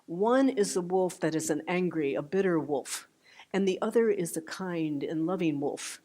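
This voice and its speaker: An older woman giving a meditation talk, gentle and unhurried, with soft trailing phrases and restarts. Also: fairly low pitch. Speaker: meditation teacher. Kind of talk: dharma talk. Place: meditation hall.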